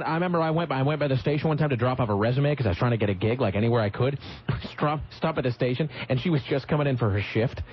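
A man hosting a radio show from the studio, telling stories in a rambling way that keeps interrupting and correcting itself. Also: mid-range voice. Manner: rambling, self-interrupting storyteller. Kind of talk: morning radio banter and storytelling. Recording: slightly muffled radio broadcast, faint noise.

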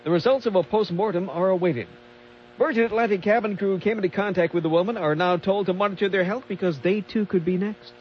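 A man reading odd news stories on a talk radio show in a dry, deadpan way. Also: high-pitched, quick pace, muffled recording, slight background noise.

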